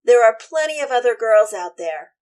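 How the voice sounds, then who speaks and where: A woman's voice: on the high side, expressive, moderate pace, a little mellow, natural voice. A woman voicing Benvolio as a slangy, exasperated young man who is fed up with his cousin. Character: casual impatient young male cousin.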